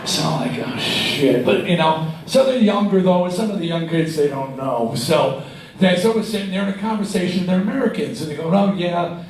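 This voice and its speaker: A man in his sixties telling stories on stage as a guest, animated and swearing freely, laughing as he talks. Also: high voice, brisk. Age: 60s. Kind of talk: profane live storytelling. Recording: echoey, distant live-room sound with faint noise.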